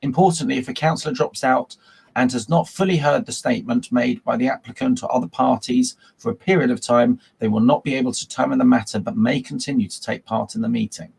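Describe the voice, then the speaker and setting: A man chairs a formal virtual council meeting, talking through procedural points at a mid pitch. His voice is husky, with a gravelly fry at the ends of phrases, and he fills pauses with ums and uhs. He is heard through a video call mic. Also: steady tone, darkish tone. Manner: reads procedural script with frequent ums and uhs.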